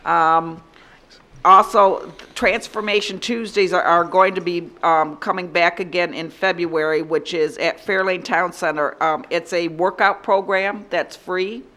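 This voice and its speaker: A woman trustee giving reports and reading out meeting dates at a school board meeting, in a steady listing cadence. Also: lowish voice, measured pace. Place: public boardroom.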